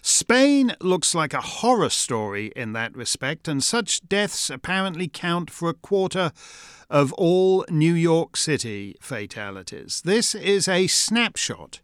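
A man's voice: on the high side, sing-song, takes it slowly, a bit bright, clean tone, no room sound, studio quality. A man from Canada hosting a scripted commentary, with an emphatic, articulate delivery. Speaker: commentary host.

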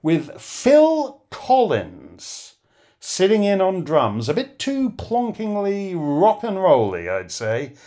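A man's voice: sits high, huge pitch swings, takes it slowly, dark tone. A middle-aged man hosting a live listener Q&A, sardonic and rambling, his voice beginning to give out. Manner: rambling, sardonic, with many fillers. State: losing his voice. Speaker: host.

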